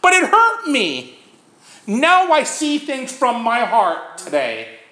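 Man, recovery-talk speaker, conversational, lively pitch, echoey room. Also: slow. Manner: conversational, frequent "right?" asides. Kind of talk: informal talk on recovery steps.

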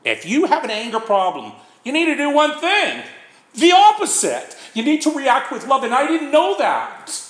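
A man's voice: very high-pitched, huge pitch swings, moderate pace, fairly bright tone. A man giving an informal talk on working the recovery steps, speaking conversationally and checking in with his listeners with a frequent "right?". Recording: echoey room.

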